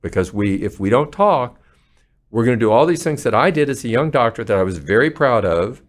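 A man's voice: mid-range voice, expressive, brisk. A male palliative care physician, a podcast guest, speaking earnestly and acting out patients' words as he tells stories. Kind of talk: conversational interview.

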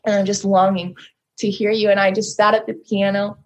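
A woman's voice: mid-range voice, level tone, fairly quick. A young adult woman, a podcast guest, telling a personal story in an earnest, rambling way with lots of "like" and "so". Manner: earnest, rambling, heavy use of "like" and "so".

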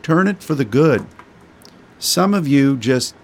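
A man's voice: mid-range voice, animated, takes it slowly. A middle-aged man preaching a sermon in a folksy, homespun way.

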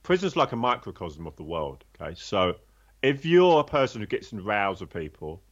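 A man's voice: on the low side, sing-song, moderate pace, a bit bright, dull audio. A man telling his own story in a candid, conversational way, blunt and swearing freely, rambling with restarts.

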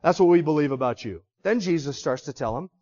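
Impassioned high-voiced male preacher. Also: lively intonation, fast talker, darkish tone. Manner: impassioned, acts out quoted voices, asks the audience questions. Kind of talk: sermon. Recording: slightly dull, lo-fi recording.

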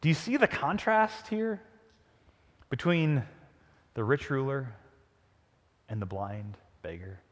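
A pastor preaching a sermon with animated storytelling, often dropping to a hush. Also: male voice, mid-range voice, takes it slowly, pauses often, long reverb tail.

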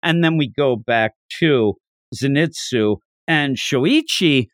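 A man's voice: medium pitch, takes it slowly, no echo, clean studio sound. A man hosting a podcast, chatting casually as he recaps a manga chapter and laughs while acting out the characters' lines. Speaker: podcast host.

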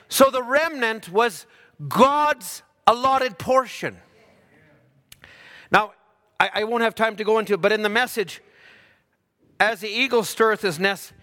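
A man preaching a sermon, dropping low for asides and rising loud for emphasis. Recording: hall reverb.

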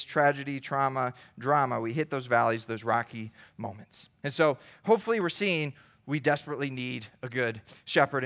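A man's voice: medium pitch, pushed and bright. A man preaching a sermon in an earnest, conversational way, building to emphatic rises.

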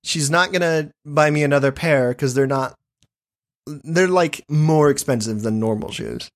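A man co-hosting a podcast, telling a story casually, giggly and animated. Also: on the high side, measured pace. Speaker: podcast co-host.

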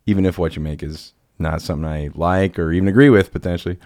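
A man's voice: deep voice, fairly even intonation, quick pace, darkish tone, no echo, clean studio sound. A man hosting a podcast in casual chat, rambling and jokey, often laughing. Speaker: podcast host.

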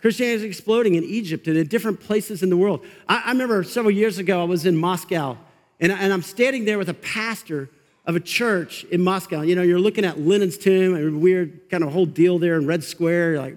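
Fired-up high-voiced pastor preaching. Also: male voice, fast talker. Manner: fired-up, conversational preaching with laughs. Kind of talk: energetic sermon. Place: church sanctuary. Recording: long reverb of a large hall.

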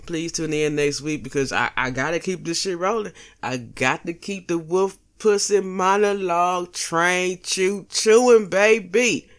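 A woman's voice: lowish voice, unhurried, few pauses, a bit bright. A woman hosting a casual solo podcast, blunt and profane, joking with slang and laughing at her own lines. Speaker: podcast host.

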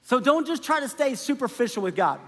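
A man with a very high voice delivers a conversational sermon, often tossing "right?" back to the congregation. His words ring out with a long hall reverb behind them. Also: big pitch swings, fairly quick, a bit bright. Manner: conversational preaching, keeps asking "right?". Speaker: pastor.

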